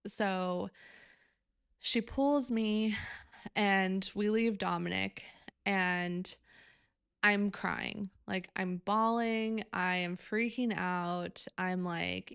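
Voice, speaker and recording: Young woman, podcast host, gravelly fry in her voice, dry close sound, candid and emotional storytelling. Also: on the low side, steady tone, slow, a bit bright, no echo. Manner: candid, emotional, swears freely, many fillers. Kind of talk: personal storytelling.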